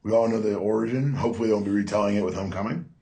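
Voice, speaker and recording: A man co-hosting a casual podcast about comic books, talking in a relaxed way. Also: lowish voice, very fast. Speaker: podcast co-host. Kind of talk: casual comic book chat.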